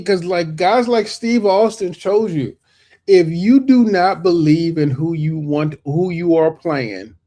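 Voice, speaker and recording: This high-pitched, mellow male voice belongs to a co-host of a wrestling podcast. He chats casually in a wrestling debate, rambling on in long runs and restarting himself repeatedly.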